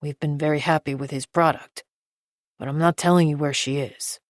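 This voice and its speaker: A woman's voice: deep voice, fairly even intonation, moderate pace, no room sound, studio quality, lightly acted. A woman narrator voicing a menacing middle-aged male crime boss who talks in a coarse, threatening way in an audiobook. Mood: indignant.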